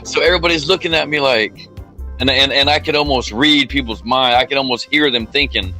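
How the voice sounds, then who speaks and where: A man co-hosting a podcast, telling stories in a casual, animated way, swearing freely and acting out quoted voices. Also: medium pitch, brisk, faint music behind, low-quality recording. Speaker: podcast co-host. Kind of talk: casual storytelling chat.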